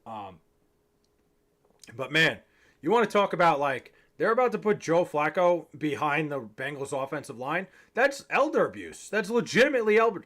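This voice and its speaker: A man's voice: a little high, a bit bright. A young man on a livestream, chatting casually, rambling and swearing, a little tipsy. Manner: rambling, profane, joking. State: a bit tipsy. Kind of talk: casual chat to stream chat.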